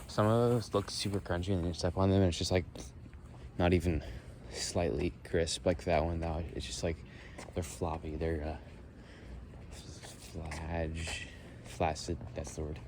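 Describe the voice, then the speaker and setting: A young man musing and thinking out loud as he walks outdoors through leaves. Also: low-pitched, fairly even intonation, unhurried, long pauses, noisy background. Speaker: vlogger. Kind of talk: rambling walk-and-talk monologue.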